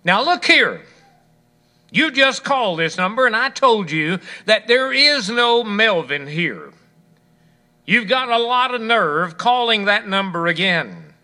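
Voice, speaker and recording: A man's voice: high voice, a little slow, pushed and bright, heavily acted. A man voicing an irritated stranger on the telephone who snaps at a repeat caller. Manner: snapping, indignant. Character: irritated gruff man on the phone.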